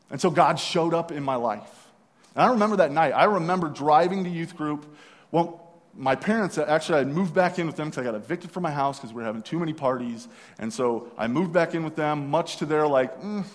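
A young man sharing a personal testimony, telling it in an earnest, halting way with many restarts. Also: on the high side, in a large hall. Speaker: speaker sharing his testimony.

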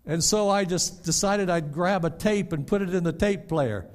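An older man preaching a sermon as a pastor, rising loud and then dropping soft and low, often stammering on repeated words. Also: moderate pace.

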